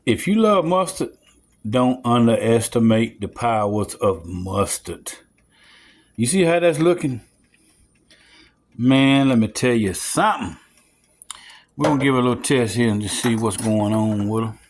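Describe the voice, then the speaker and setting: A man, casually narrating a home cooking video and chatting straight to viewers with excited whoops. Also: medium pitch, unhurried, pauses often. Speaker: home cook showing a recipe. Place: home kitchen.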